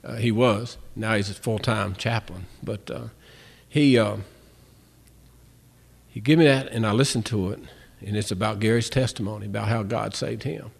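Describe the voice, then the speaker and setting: A man's voice: on the low side, moderate pace, gravelly, breathy edge. Man telling a faith testimony. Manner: storytelling, acts out both sides of dialogues. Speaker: Christian testimony speaker. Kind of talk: spoken testimony.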